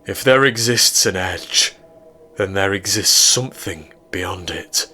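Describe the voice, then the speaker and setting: A man's voice: low-pitched, slow pace, bright, forceful tone, slight background noise, full character voice. A man voicing a self-important male scientist who speaks in a pompous, lecturing way.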